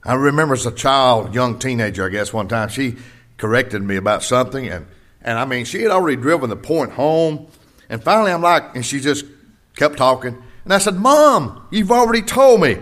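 An older man preaching a sermon to his congregation, swinging between rising emphasis and quiet personal stories. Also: mid-range voice, lively intonation, brisk. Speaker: pastor.

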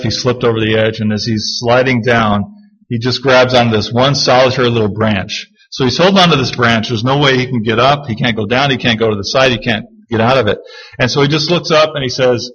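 A male pastor preaching a sermon, reading scripture slowly and then explaining it in a conversational way. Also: medium pitch, fairly bright tone, breathy edge, lo-fi sound.

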